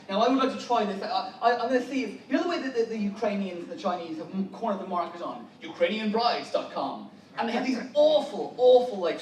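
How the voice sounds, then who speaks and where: An Irish man doing a stand-up comedy set at a conference, making wry asides and interrupting himself mid-sentence. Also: high-pitched. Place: conference hall with a live audience. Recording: echoey hall, mic at a distance.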